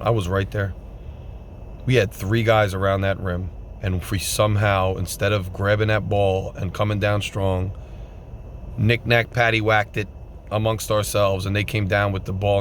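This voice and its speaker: A man giving an emphatic, repetitive postgame rant as a fan vlogger, swinging between loud outbursts and subdued sadness. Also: fairly low pitch, slight background noise.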